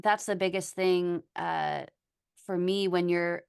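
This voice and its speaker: Woman, podcast host, low voice, smooth tone, earnest, halting. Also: fairly even intonation, a little mellow. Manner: earnest, halting with many pauses. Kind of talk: casual podcast chat.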